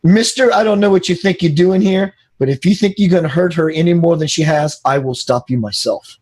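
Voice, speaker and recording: A man's voice: on the high side, brisk, darkish tone, slightly rough. A man quoting a fierce, protective female fairy who gives a defiant warning.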